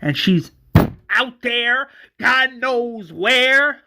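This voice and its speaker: Guy playing an upset brother yelling and stuttering, slow dragging delivery. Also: very high voice, expressive, pitched above the performer's own voice, heavily acted. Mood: grieving anger. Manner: yelling, stammering, bitter. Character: angry grieving adult man, abandoned brother.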